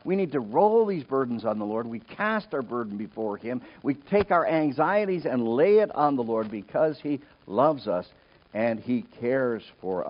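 A middle-aged man preaches a sermon in an ordinary mid-range voice. He is earnest and directs his congregation, moving from loud emphasis to quiet storytelling. The recording is dull and lo-fi. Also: medium pitch. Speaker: pastor.

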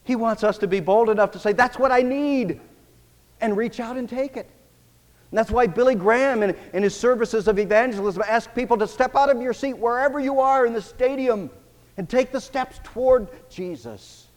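A man preaching a sermon as pastor, emphatic, swinging between loud declarations and quiet, intimate passages. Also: very high voice, brisk, long reverb tail.

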